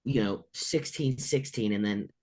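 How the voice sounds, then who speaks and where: A man's voice: mid-range voice, measured pace, a little mellow. A man co-hosting a casual sports talk show, reading news items and rambling with lots of "like". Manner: rambling, filler-heavy, lots of "like". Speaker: co-host.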